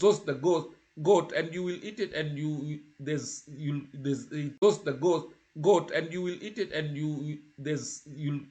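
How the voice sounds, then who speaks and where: Man, higher-pitched, relaxed beginner-teacher who repeats a lot and checks in with "huh?". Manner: casual, repetitive, tag questions like "huh?" and "yeah?". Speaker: French teacher. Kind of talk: language lesson.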